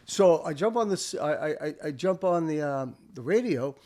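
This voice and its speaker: An older American man, a veteran, telling a war story in casual chat, swearing freely and acting out what people shouted. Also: on the high side, moderate pace. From United States. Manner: animated, swearing, acts out shouted quotes. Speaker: veteran guest.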